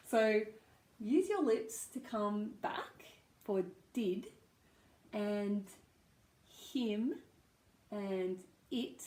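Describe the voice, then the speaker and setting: A woman with an Australian accent teaching pronunciation, chatty and demonstrating sounds slowly with frequent ums and little laughs. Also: mid-range voice, a little mellow, reverberant, low-quality recording. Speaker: accent coach. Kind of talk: pronunciation lesson.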